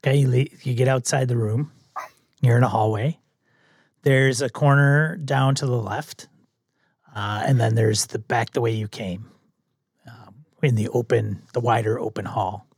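A man running a tabletop horror game as game master, describing scenes in a measured way with fillers. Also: mid-range voice, steady tone, a little mellow, a little hiss or hum.

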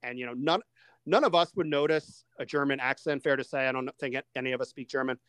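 A man hosting a casual movie-review podcast, steering the talk with lively asides and questions to his co-hosts. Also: medium pitch, clean tone, no room sound. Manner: animated, quick asides, steers the discussion. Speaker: podcast host.

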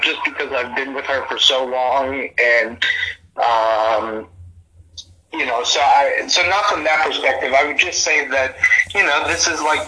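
Bright, husky young man chatting. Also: mid-range voice, low-quality recording. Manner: easygoing, chatty, laid-back. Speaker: podcast host. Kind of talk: casual podcast chat.

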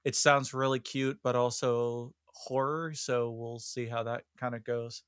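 A man's voice: medium pitch, steady tone, measured pace, a bit bright, clean tone, no room sound, clean studio sound. A man co-hosting a podcast, curious and joking, who swears freely while chatting about a game. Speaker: podcast co-host. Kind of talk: casual podcast banter.

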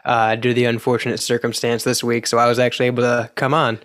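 A relaxed man from the United States chats as a podcast guest. His voice is recorded close and dry, with no room sound. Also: mid-range voice, quick pace, no room sound. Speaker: guest co-host. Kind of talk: casual chat.

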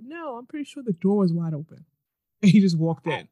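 Animated woman in casual recap chat. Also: medium pitch, dry recording. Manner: animated, mocking, quick quoting of characters. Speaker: podcast co-host recapping a TV episode.

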